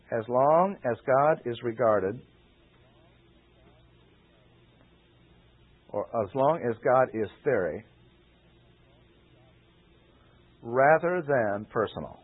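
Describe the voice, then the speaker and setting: A man preaching, giving a deliberate expository Bible lesson and repeating key phrases for emphasis. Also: medium pitch. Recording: tinny phone-like old radio recording.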